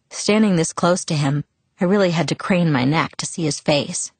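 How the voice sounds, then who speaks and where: A woman narrating a first-person novel as an audiobook, steady and reflective. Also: low voice, moderate pace, no echo.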